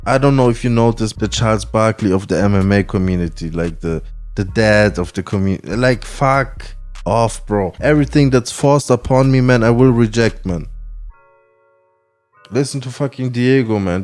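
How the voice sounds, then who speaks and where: A man's voice: fairly low pitch, moderate pace, a little mellow, faint music behind. A man hosting a podcast in casual chat, rambling and slangy with frequent swearing. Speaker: podcast host.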